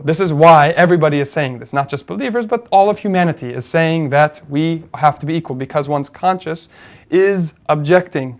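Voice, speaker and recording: A man with a fairly high speaking voice leads a relaxed talk show discussion. He works through an argument step by step, pausing on fillers and restarting sentences as he thinks aloud. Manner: thoughtful, explaining step by step with many fillers and restarts. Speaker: co-host. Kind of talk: conversational discussion.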